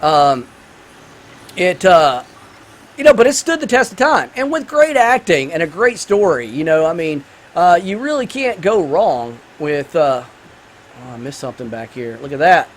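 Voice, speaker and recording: High-voiced man rambling through gameplay. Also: big pitch swings, unhurried, a little hiss or hum. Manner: rambling and enthusiastic, full of fillers. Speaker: gaming channel host. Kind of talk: casual let's-play commentary with movie review.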